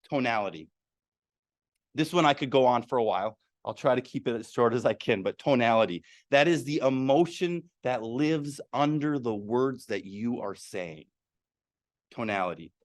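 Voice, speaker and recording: A man's voice: mid-range voice, no room sound, studio quality. A man presenting a public speaking workshop to a live room, quizzing the audience as he goes. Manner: animated, asks the audience questions. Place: meeting room.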